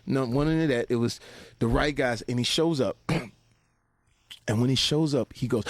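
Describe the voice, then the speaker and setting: Guy telling wild stories, animated, laughs a lot, does everybody's lines, curses, dry close mic. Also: medium pitch, fast, vocal fry, no echo. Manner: animated, acts out other people's lines, swears freely, laughs a lot. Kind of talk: casual anecdotal storytelling.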